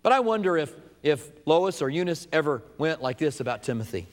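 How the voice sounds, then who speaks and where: A man's voice: a little high, sing-song, fast, hardly any pauses, in a large hall. A man preaching a sermon as pastor, with an emphatic, repetitive cadence.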